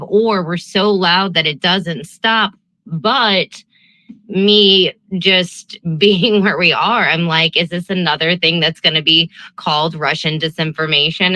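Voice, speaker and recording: A woman co-hosting a political talk podcast, rambling and thinking out loud with plenty of fillers. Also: on the low side, no room sound, low-quality recording. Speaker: podcast co-host.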